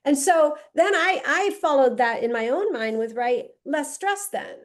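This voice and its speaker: A woman hosting an interview, with a high voice that gushes over her guest's ideas. She talks in quick restarts and trailing half-sentences as she reads a passage aloud. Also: lively intonation. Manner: warm and effusive, with halting restarts. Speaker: podcast host. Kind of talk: conversational interview.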